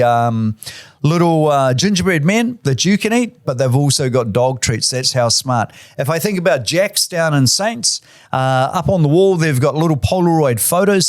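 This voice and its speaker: A man's voice: a little high, no room sound, clean studio sound. A middle-aged man, a real estate boss giving tips in a chatty, enthusiastic way full of fillers. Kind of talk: casual instructional talk.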